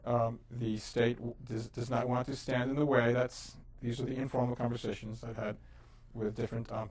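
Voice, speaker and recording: A man's voice: mid-range voice, a little mellow. Patient man sounding out Hebrew syllables. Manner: casual with fillers. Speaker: Hebrew teacher. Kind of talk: educational lesson.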